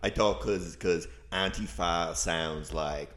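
A man's voice: low voice, slow, a bit bright. A man co-hosting a casual comedy podcast, musing and hesitant, often restarting his sentences. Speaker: podcast co-host.

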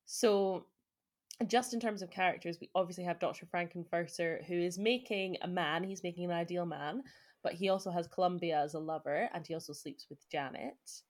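A young woman talks in a lower register, rambling happily through a podcast chat. She laughs easily and leans on filler words as she goes. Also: fairly quick. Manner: chatty, laughs often, trails off in filler words. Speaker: podcast co-host. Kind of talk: casual chat.

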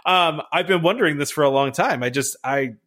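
A man's voice: on the high side, a little fast, a bit bright. A man hosting a podcast in casual chat, talkative and loose, tossing in "right?" and "you know" as he goes. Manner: chatty, says "right?" and "you know" a lot. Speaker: podcast host.

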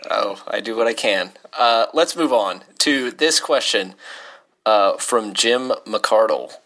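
Guy cohosting a podcast, bright forceful voice, jokey, reads out listener questions. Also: lowish voice, expressive, takes it slowly. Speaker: podcast co-host. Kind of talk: casual chat.

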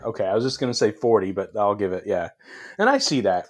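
Male podcast co-host, animated, laughs a lot, pitch jumps around, restarts sentences. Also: fast talker. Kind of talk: casual chat.

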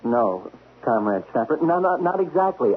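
A man playing a nervous, fawning undercover agent in a 1970s radio drama, stammering, with a husky voice. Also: fairly high pitch, big pitch swings, normal speed. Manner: stammering, eager to please. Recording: tinny lo-fi radio broadcast.

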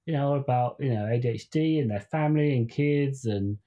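A man's voice: mid-range voice, brisk, mellow, dull audio. Rambling British man telling a story. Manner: rambling storyteller, acts out quoted voices. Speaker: podcast co-host. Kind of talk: casual chat.

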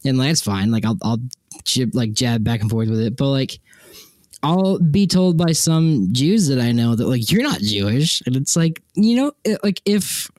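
A man's voice: medium pitch, expressive, moderate pace, mellow, dry recording. A young man co-hosting a podcast, talking casually and rambling with many fillers and restarts. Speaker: podcast co-host. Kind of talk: casual chat.

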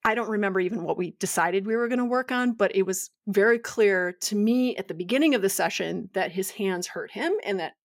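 A woman co-hosting a podcast, telling a story in a casual, animated way and acting out the quotes. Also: medium pitch, fairly quick, few pauses, dry recording, clean studio sound. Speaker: podcast co-host, yoga teacher.

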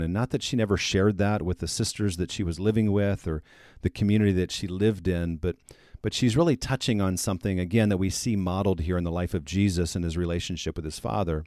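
A man's voice: sits low, fast talker, darkish tone, dry recording, clean studio sound. A man hosting a faith podcast, giving an earnest devotional teaching on prayer and citing Bible verses as he explains them.

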